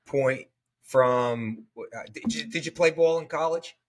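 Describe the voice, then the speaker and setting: A man's voice: fairly high pitch, takes it slowly. A man hosting an interview, a supportive listener who sums up the guest's story for the audience. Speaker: podcast host. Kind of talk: casual interview.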